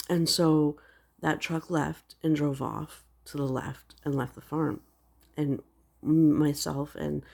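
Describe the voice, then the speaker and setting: A woman with a deep, gravelly, dark voice and a breathy edge talks through her dreams in a religious vlog. It's casual, rambling storytelling loaded with "like" fillers.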